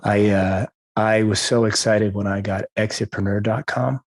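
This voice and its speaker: A man's voice: lowish voice, fairly even intonation, moderate pace. A man hosting an interview, jokey and self-deprecating, asking rambling questions. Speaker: podcast host. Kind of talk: casual interview talk.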